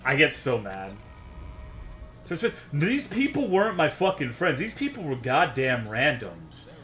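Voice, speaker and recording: A man's voice: mid-range voice, fairly bright tone. A man streaming a game, ranting to his chat in a worked-up, profane way. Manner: profane, worked-up, swears constantly.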